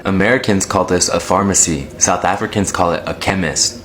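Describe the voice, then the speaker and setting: A man's voice: low voice, wildly swooping pitch, takes it slowly, long pauses, a bit bright, a little hiss or hum. A man reading out word comparisons, amused and laughing between lines. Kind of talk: comparison skit narration.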